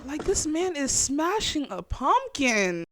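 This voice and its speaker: A young woman hosting her own chat show, reacting in a casual, animated, slangy way and laughing often. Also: sits high, slow pace, very noisy. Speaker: podcast host.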